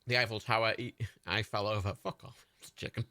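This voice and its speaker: A man's voice: fairly low pitch, fairly even intonation, fast talker, sharp tone, no echo. A man hosting a livestream, giving joking, swearing running commentary while watching a film. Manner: joking, swearing, chatty asides. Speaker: livestream host.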